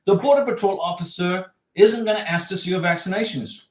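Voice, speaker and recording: Guy hosting a livestream, high voice, reads chat and repeats himself for emphasis, echoey room. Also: a little fast. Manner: chatty, reads out viewer comments, repeats points emphatically. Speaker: livestream host giving visa advice. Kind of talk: casual livestream advice.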